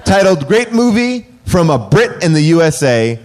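A sarcastic podcast co-host reads reviews aloud, laughing through them. His voice sits a little high and moves up and down in a lively way. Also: normal speed, hardly any pauses, slight background noise. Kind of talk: comedic podcast banter, reading reviews aloud.

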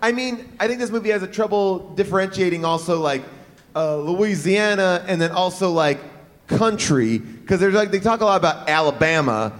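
A man's voice: high voice, expressive, normal speed. A man co-hosting a casual movie review chat, wry and rambling. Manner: wry, rambling, playful impressions. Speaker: podcast co-host.

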